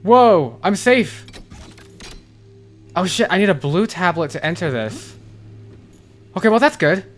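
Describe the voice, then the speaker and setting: A man's voice: high-pitched, sing-song, unhurried, long pauses, soft background music. A man giving blind playthrough commentary on a game, jumpy and swearing, who repeats panicked phrases over and over. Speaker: gaming channel host.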